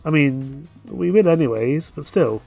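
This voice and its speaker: A man's voice: a little high, animated, a little slow, gravelly, dark tone, faint music behind. A man streaming a game, joking and self-deprecating in casual commentary.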